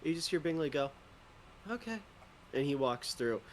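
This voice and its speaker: A man's voice: mid-range voice, a little fast, slight background noise. A man narrating as a tabletop game master in a loose, rambling way.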